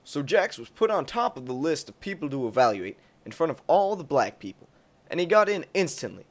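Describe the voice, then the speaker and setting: A young adult man narrating a crude comic story in a lively, profane, rambling way. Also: fairly high pitch, fairly quick.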